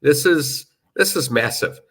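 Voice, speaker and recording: A man's voice: a little high, expressive, unhurried, sharp tone, husky. A middle-aged man from South Africa, a rugby betting pundit talking in a casual discussion, emphatic and fond of telling stories and repeating himself for stress.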